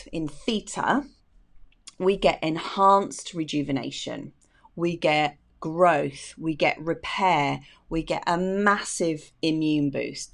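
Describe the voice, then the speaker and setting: A woman with a notably low voice gives casual advice to her viewers. She talks with chatty enthusiasm, filling gaps with fillers and easy laughs. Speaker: therapist and video host.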